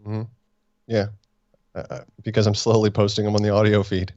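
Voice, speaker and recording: A man's voice: on the low side, flat delivery, brisk, darkish tone, dry recording, dull audio. A man co-hosting a fan review podcast, chatting casually in a laid-back, teasing way. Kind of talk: casual chat.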